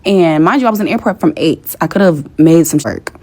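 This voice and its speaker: A woman's voice: low voice, fast, darkish tone. A young woman telling a story in a casual, exasperated rant with plenty of swearing. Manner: profane, exasperated.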